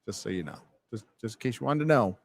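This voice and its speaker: A man's voice: on the low side, very animated, fast talker, vocal fry, a little hiss or hum. Loose, profane man hosting a livestream. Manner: loose and profane, laughs often, reads chat aloud. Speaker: livestream host. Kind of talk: casual livestream chat reading donations. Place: fandom bar.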